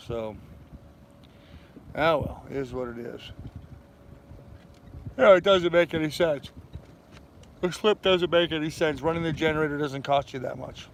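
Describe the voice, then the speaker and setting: Folksy older male vlogger, fairly high voice, rambling chat on a boat, faint noise behind. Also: unhurried, creaky, pauses often, poor audio. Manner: rambling, folksy, greets chat viewers by name. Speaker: channel host. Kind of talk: casual livestream chat. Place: aboard a sailboat on a mooring.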